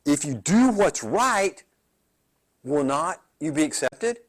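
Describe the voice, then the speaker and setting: A man pastor voicing God as he questions Cain in a stern, reproachful tone, with his voice lifted higher than his usual speech. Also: very animated, slow pace. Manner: pointed, challenging questions.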